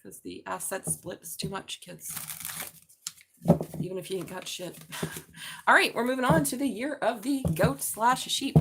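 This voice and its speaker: A woman in her forties giving a live-streamed tarot reading, talking excitably, swearing freely and often breaking into laughter. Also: mid-range voice, measured pace, gravelly, long pauses, very noisy. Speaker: tarot reader.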